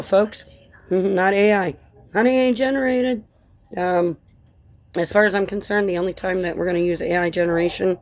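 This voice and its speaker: A woman who grew up in Colorado, talking casually in a rambling vlog chat that drifts between tangents and gentle encouragement. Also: fairly low pitch. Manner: chatty, tangent-prone, encouraging. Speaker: vlogger and author.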